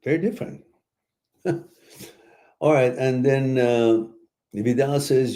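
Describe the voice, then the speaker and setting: A man hosting a live question-and-answer stream, giving blunt, animated relationship advice with emphatic outbursts. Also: a little slow, pauses often. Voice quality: animated, emphatic, swings high when exclaiming. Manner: blunt and preachy, mixes in laughter and asides. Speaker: host answering viewer questions.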